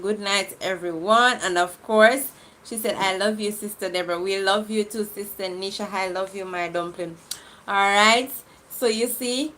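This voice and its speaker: A woman hosting a livestream game, reading out viewer comments in an affectionate, lively way and laughing often. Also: mid-range voice. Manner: lively and affectionate, laughs often, shifts quickly between loud and soft.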